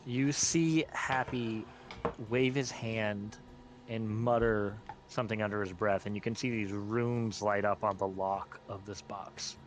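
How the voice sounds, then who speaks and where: A man's voice: lowish voice, fairly even intonation, measured pace, slight background noise. A man narrating as game master of a tabletop game, in a casual, hesitant way with many fillers.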